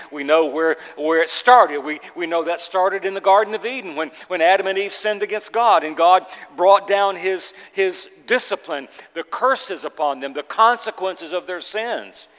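Male preacher, high voice, earnest and halting, long hall reverb. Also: a bit bright. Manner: earnest, halting with repeated restarts. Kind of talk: sermon.

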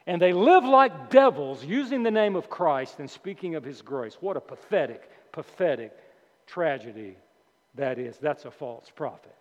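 Emphatic preacher in a reverberant hall. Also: male voice, a little high, lively intonation. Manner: emphatic, deliberate, repeats key words slowly. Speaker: pastor. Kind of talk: sermon. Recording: dull lo-fi sound with long hall reverb.

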